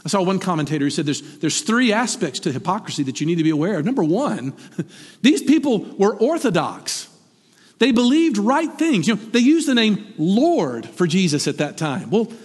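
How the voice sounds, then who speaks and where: A middle-aged pastor preaches a sermon in a lively, conversational style, tossing rhetorical questions at his congregation at a normal speed. His voice is high and slightly husky, with animated pitch swings. A long reverb makes it ring out as if in a church sanctuary.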